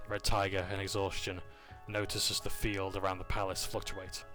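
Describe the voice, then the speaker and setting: Casual male game recapper, lower voice with a bright edge, faint music underneath. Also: little pitch movement, normal speed, few pauses. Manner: casual, with fillers, jokes and self-corrections. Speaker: player recapping a session.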